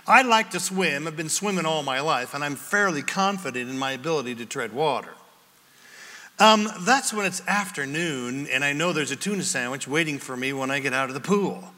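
Bright, high-voiced pastor preaching in a reverberant hall. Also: male voice. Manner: conversational preaching with wry humor. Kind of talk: sermon.

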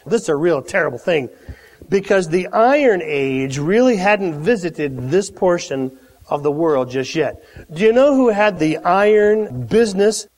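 Male preacher, high and animated, talks conversationally and builds to loud peaks, echoey hall. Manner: animated, conversational, dramatic swings in volume. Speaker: pastor. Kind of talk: sermon.

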